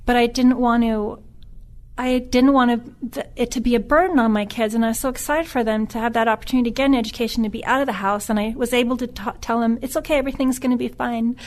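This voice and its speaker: A woman's voice: a little high, fairly even intonation, darkish tone. A middle-aged woman who is a podcast guest, telling a personal story in a subdued, earnest way that often stops and restarts. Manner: halting, with frequent restarts.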